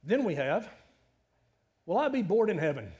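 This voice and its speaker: A middle-aged man preaching a sermon in a conversational, animated way, full of rhetorical questions. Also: high voice, moderate pace. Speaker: pastor.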